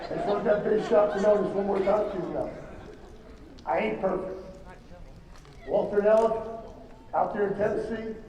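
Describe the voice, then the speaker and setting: Man, motivational speech, emphatic, rambling, halting restarts, echoey hall, faint noise. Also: high voice, warm tone, recorded from a distance. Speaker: motivational speaker at a business event. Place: large hall. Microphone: distant from the microphone.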